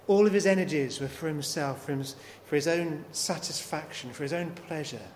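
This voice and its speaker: A man's voice: fairly high pitch, normal speed, a little mellow. A man preaching a sermon, working through scripture with repeated rhetorical questions. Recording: long hall reverb, faint noise.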